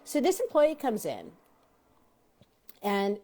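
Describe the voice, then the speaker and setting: A woman leads a motivational self-help talk with a mellow, warm voice. Her pitch rises and falls a great deal as she teaches. She keeps turning to the audience with direct questions and acts out the dialogue she recounts. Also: slow. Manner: animated, addresses listeners directly with questions. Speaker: talk show host and self-help coach.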